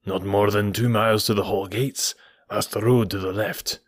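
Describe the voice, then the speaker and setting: A man's voice: on the low side, steady tone, moderate pace, dry recording, clean studio sound, lightly acted. A man putting on a blustering, menacing country innkeeper. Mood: sullen. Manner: blustering and threatening. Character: surly, menacing rural male innkeeper. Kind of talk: audiobook character voice.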